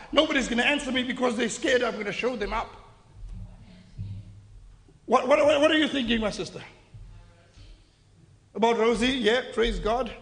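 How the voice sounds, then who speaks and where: A man's voice: extremely high pitch, fairly bright tone. A man preaching a sermon as pastor, repeating words and restarting as he questions his congregation, recorded in a church hall. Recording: echoey hall.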